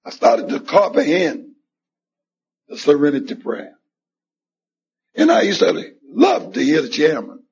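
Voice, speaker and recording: A man's voice: on the high side, gravelly. A man speaking at a recovery meeting, telling his personal story and acting out what others said to him, on a dull lo-fi tape recording. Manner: storytelling with acted-out quoted dialogue. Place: meeting hall.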